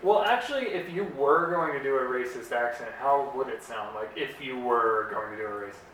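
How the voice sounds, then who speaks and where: A man's voice: mid-range voice, lively intonation, brisk, fairly bright tone. A playful young man co-hosting a comedy podcast, teasing and joking loosely. His voice bounces around a very echoey room, picked up from a distance with a faint hiss behind it. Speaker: podcast co-host. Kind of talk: casual comedy podcast chat.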